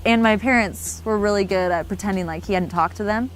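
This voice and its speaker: A woman's voice: medium pitch, fairly quick. Bubbly young woman telling a love story. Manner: bubbly, laughs often, acts out her own quotes. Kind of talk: casual interview storytelling. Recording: soft music underneath.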